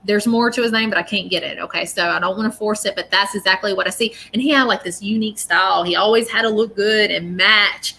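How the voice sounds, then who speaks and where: A woman's voice: mid-range voice, quick pace, gravelly, hardly any pauses, pushed and bright, a little hiss or hum. A woman gives a live-stream psychic reading, chatty and often checking in with "okay?". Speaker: psychic medium.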